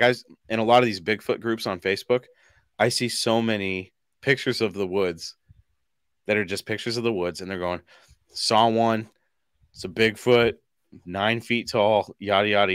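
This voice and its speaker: Low-voiced chatty podcast co-host, a man. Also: no room sound, studio quality. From Washington state, USA. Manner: chatty, laughs often, animated storytelling. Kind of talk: casual podcast chat.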